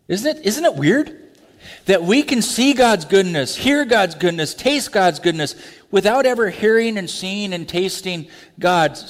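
A man preaching a sermon, animated, acting out quick voices and laughing asides. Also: mid-range voice. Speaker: pastor. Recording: long hall reverb.

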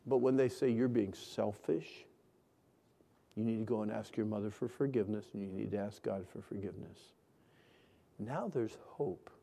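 A middle-aged man preaching a sermon, leading call-and-response and swinging between hushed and loud lines. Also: medium pitch, creaky. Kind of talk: sermon to a congregation. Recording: long hall reverb.

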